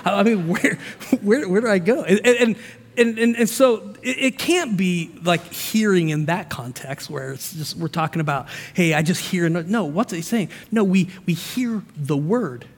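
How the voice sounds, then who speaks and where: A man preaching a sermon as pastor, energetic and conversational, with asides and frequent restarts. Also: high-pitched, moderate pace. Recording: long hall reverb.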